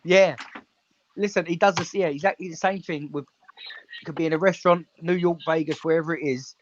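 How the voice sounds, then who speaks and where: A man with a slightly high voice who talks fast and acts out the lines of the people he describes. The line sounds dull and lo-fi. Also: steady tone, slight background noise. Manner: fast storyteller, acts out quotes. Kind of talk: casual group video chat.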